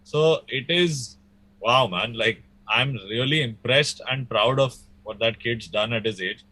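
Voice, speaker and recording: A man's voice: mid-range voice, unhurried, bright, forceful tone. A young man, a musician talking casually in an interview, rambling with restarts and fillers. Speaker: guest musician.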